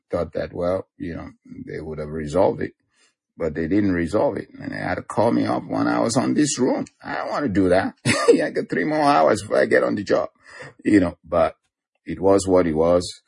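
A male pastor chatting in a relaxed, affirming way, filling his talk with "you know". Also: low-pitched, gravelly, husky, no room sound. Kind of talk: casual ministry chat on a prayer line.

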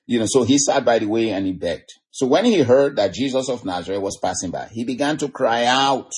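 A male preacher delivering a sermon with fervent, filler-laden storytelling that builds to excited outbursts. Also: mid-range voice, fairly quick, husky. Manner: fervent, frequent "you know" fillers, rising to excited cries.

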